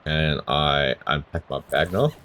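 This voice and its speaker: A man's voice: a bass voice, measured pace, a bit bright, a little hiss or hum. A man doing let's play commentary, reading game text aloud with bemused asides. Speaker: gamer.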